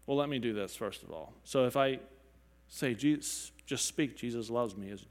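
A man teaching music, explaining beats and counting and humming examples aloud as he goes, now and then clearing his throat. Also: mid-range voice, normal speed. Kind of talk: spoken lecture with sung examples. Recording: long reverb, hall-like.

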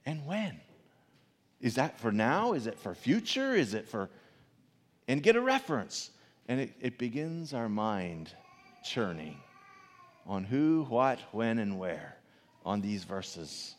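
A man preaching to his congregation in a mid-pitched voice. He delivers his sermon in an animated way, rising to loud, stressed questions and then dropping to quiet asides. His voice rings with the long reverb of a big hall. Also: slow, pauses often. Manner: animated, swings between loud emphatic questions and soft asides. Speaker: pastor.

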